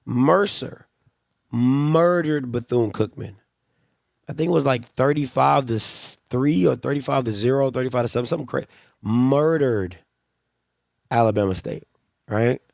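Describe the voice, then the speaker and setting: Male livestream host, middle pitch, creaky edge, rambling and exasperated casual commentary. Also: a little mellow, dry recording, studio quality. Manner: rambling, exasperated, repeats himself.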